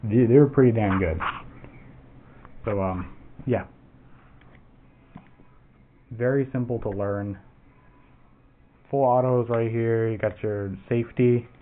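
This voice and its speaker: Tinny, low-voiced man rambling about gear. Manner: rambling and profane, with frequent restarts. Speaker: airsoft gear reviewer. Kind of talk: casual product demo. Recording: tinny phone-like audio with faint noise.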